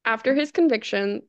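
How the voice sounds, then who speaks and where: A woman's voice: a little high, dry recording, dull audio. A woman co-hosting a podcast, recounting a true-crime case in casual chat, often tripping over foreign names and laughing it off. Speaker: podcast co-host.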